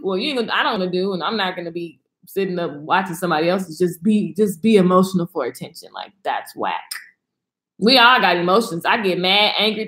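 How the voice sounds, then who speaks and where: A woman's voice: mid-range voice, fairly bright tone. Blunt, sassy woman in an echoey room. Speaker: host of a live video chat. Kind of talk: casual live-stream chat. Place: indoors at home.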